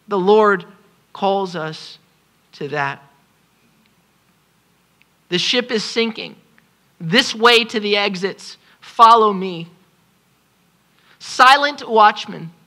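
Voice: mid-range voice, bright, forceful tone. A pastor preaching a sermon at a congregation service, impassioned and pleading, repeating phrases for emphasis.

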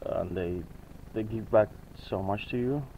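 A man's voice: fairly low pitch, measured pace, muffled recording, a little hiss or hum. A young man chatting casually to his viewers in a home vlog, loose and rambling with fillers and restarts. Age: young adult. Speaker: vlogger. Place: family home and garden.

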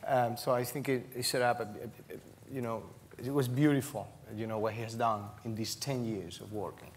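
A man's voice: mid-range voice, steady tone, moderate pace, in a large hall. Guy, telling stories in an interview, laughs a lot, bit of background hiss. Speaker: cast member interviewee. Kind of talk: conversational interview.

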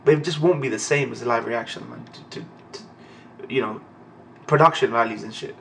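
Gravelly man, emotional reaction. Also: medium pitch, brisk, fairly bright tone, a little hiss or hum. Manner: emotional, profane, ends phrases with "man". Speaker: anime and manga reaction host. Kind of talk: live reading reaction commentary.

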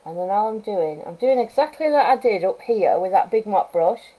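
A woman wildlife artist giving a live painting demonstration, chatting and thinking aloud as she works, with gentle coaching asides. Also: medium pitch, expressive, moderate pace, poor audio. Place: art studio at home, live stream.

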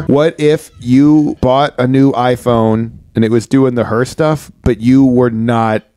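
A man in loose comedy-podcast chat, laughing a lot as he tosses out absurd ideas. His pitch is middle. The recording is dry and close. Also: steady tone, slow, warm tone, no echo, faint music behind. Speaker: podcast co-host.

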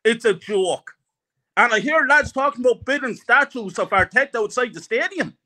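A man's voice: very high voice, lively intonation, moderate pace, pushed and bright. A middle-aged man ranting angrily about his football club, repeating himself as he vents. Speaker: guest fan. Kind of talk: heated fan rant.

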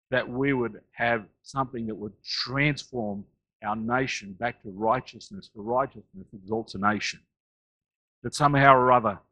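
Australian-raised male pastor preaching, swelling and dropping. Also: low-quality recording. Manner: rises loud on key phrases, drops low and quiet between. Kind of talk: sermon.

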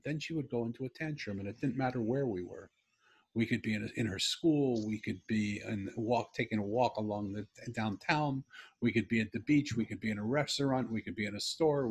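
A middle-aged man telling a story from his own life in a heartfelt, emphatic way. His voice is husky and sits at an ordinary pitch. He speaks like a guest in a relaxed conversation. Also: brisk.

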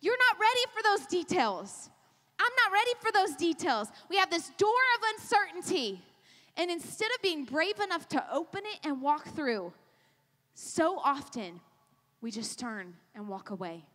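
A woman's voice: very high-pitched, sing-song, normal speed, pushed and bright. A middle-aged woman pastor preaching a sermon at a women's rally, with an impassioned, repetitive cadence. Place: large church hall. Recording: long hall reverb.

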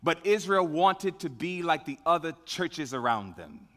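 A man's voice: a little high, sing-song, measured pace, bright, forceful tone. Emphatic preacher man in a reverberant hall. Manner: emphatic, calls and answers his own questions, swells on key words. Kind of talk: sermon.

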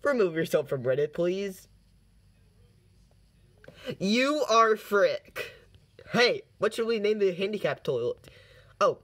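Man with a high-pitched voice, unhurried deadpan delivery, reading posts with dry asides for a comedy video. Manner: deadpan reading broken out by laughing fits. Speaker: commentary video host. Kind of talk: reading posts aloud with jokey commentary.

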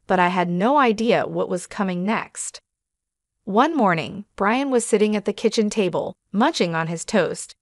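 Brief: woman narrator, scripted story read, mid pitch, dry and close. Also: no echo.

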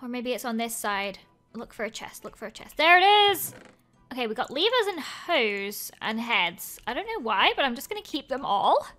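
A woman's voice: on the high side, big pitch swings, moderate pace, a bit bright, soft background music. A young woman hosting a game video, chatting casually as she plays, thinking aloud, gasping and cheering. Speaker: gaming video host. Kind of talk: casual gameplay commentary.

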